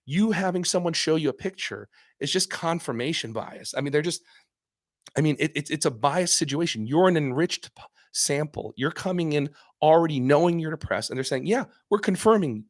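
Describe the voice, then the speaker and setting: A psychiatrist hosts a casual live stream answering viewer questions, speaking earnestly and emphatically, often repeating and restarting phrases and acting out patients' voices in quotes. His voice is a little high and brisk. The sound is clean studio audio with no room sound.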